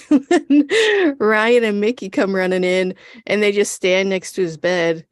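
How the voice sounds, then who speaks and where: Laughing, animated woman co-host. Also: mid-range voice, a little slow, no room sound, clean studio sound. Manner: animated, laughs often, acts out scenes. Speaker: podcast co-host. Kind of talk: casual recap chat.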